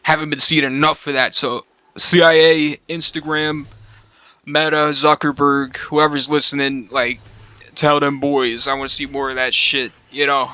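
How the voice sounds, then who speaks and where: A man chats casually on a stream, rambling in slangy, profane talk and calling the listener bro. His voice sits on the high side, a little hoarse from smoking, with a sharp tone. His delivery is flat and unhurried.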